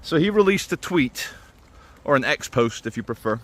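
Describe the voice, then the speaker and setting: A man talking straight to camera in a loose, rambling way, stopping and restarting as he goes. His voice sits at an ordinary, middle pitch, and he drops in dry little asides between his points. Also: animated, normal speed, a bit bright. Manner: rambling, stops and restarts, many "uh" fillers. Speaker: vlogger. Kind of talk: casual commentary to camera.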